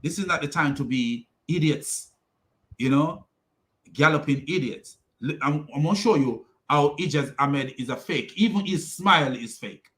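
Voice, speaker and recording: A man's voice: a little high, normal speed, fairly bright tone. A man hosting a ranting video commentary, mocking and repeating himself, often breaking into laughter. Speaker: commentary channel host.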